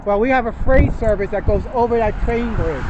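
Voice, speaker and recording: A man's voice: high voice, brisk, highs cut off. An older man narrating a walking tour outdoors, chatting as he points out sights to viewers. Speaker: vlog host. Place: outdoors on a windy bridge by traffic. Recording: outdoor wind and traffic noise.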